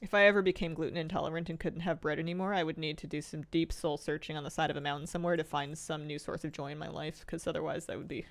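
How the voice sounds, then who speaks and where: A woman's voice: deep voice, steady tone, fast, creaky, few pauses. A woman game streamer in casual chat with her viewers, rambling and self-mocking and laughing often.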